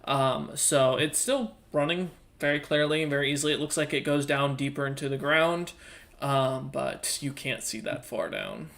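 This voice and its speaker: A game master narrating a tabletop game, describing the scene in a halting way full of fillers. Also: medium pitch, creaky, fairly bright tone.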